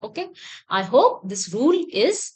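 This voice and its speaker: A woman's voice: sits high, sing-song, unhurried, darkish tone. A woman teaching grammar in a recorded exam-prep lecture, explaining patiently and repeating her points with fillers. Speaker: English teacher.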